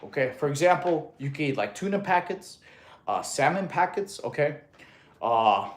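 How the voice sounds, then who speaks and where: A man in his thirties from Russia, streaming live as a fitness coach and chatting through viewer comments, a little out of breath after exercise. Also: fairly high pitch. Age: 30s. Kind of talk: casual livestream chat.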